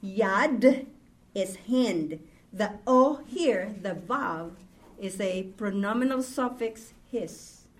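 A woman's voice: mid-range voice, lively intonation, extremely slow. A woman teaching a language class, patiently repeating words and explaining rules to her students. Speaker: Hebrew teacher.

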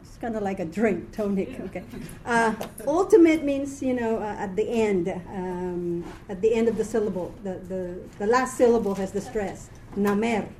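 A tired woman teaching a live reading class, chatty, quick to laugh and correct herself. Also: medium pitch, a little mellow, slight background noise.

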